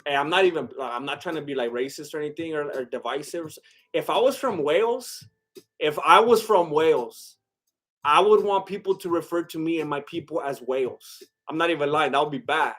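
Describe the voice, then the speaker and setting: A man's voice: fairly high pitch, fairly quick, fairly bright tone. A man hosting a casual live stream, rambling and joking with his chat, full of "like" and restarts. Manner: loose, chatty, breaks into bits of song.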